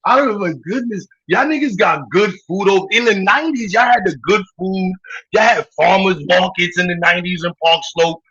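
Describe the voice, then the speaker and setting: A bright, high-pitched man with a husky edge and a New York accent, mocking and cursing his way through a livestream rant. He breaks into laughter between jabs. The sound is dull and lo-fi, like streamed audio. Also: a little fast. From Brooklyn, New York. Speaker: livestream host.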